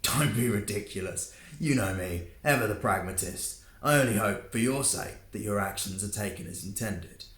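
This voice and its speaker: A man voicing a stocky, gruff male vampire who talks in a blunt, flat way. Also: lowish voice, moderate pace, hardly any pauses, roomy sound, natural voice. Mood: dry.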